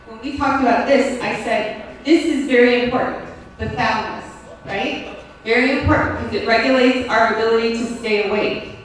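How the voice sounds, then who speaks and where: A woman's voice: a little high, steady tone, moderate pace. A woman giving a classroom lecture on teaching and the brain, talking in a conversational way and often checking in with "right?" and "okay?". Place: lecture room at a school. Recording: very echoey room, mic far off.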